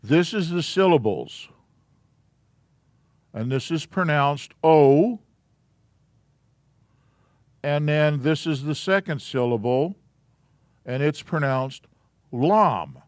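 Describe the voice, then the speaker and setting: A man teaching a Hebrew alphabet class in a church classroom, explaining slowly and casually. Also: on the high side, no room sound, clean studio sound.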